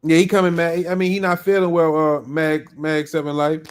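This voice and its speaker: Man, podcast host, slightly high voice, casual live chat, upbeat, slangy, greets people by name. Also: monotone, normal speed, clear, resonant tone.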